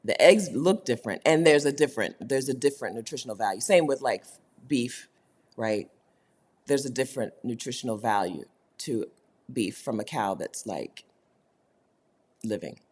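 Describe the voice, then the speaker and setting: A woman's voice: rumbling low, lively intonation, moderate pace, a little mellow, breathy edge. A woman hosting a casual livestream, chatting with viewers, reading their comments aloud and laughing often. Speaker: host of a livestream for her community.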